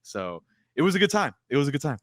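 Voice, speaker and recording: A man co-hosting a podcast, excitedly sharing his reactions to a horror movie and acting them out. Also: on the high side, quick pace, no echo, clean studio sound. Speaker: podcast co-host. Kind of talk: casual movie breakdown chat.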